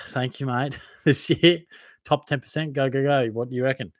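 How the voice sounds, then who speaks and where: Here a young man with an Aussie accent hosts a fantasy football podcast's live Q&A, reading comments from viewers and answering in an easygoing, matey fashion while laughing at himself. His mid-range voice holds a steady tone at a moderate pace, recorded dry at studio quality.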